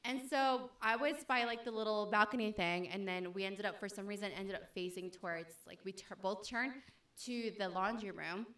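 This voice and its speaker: A woman's voice: medium pitch, fairly even intonation, normal speed, fairly bright tone. A young woman telling a story in casual chat, rambling with many fillers.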